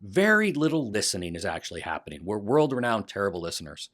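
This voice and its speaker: A man in his fifties, a fire chief guest on a podcast, telling stories in a lively, animated way and acting out what others said. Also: on the low side, fast talker. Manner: lively, animated storyteller who acts out quotes. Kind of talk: casual storytelling conversation.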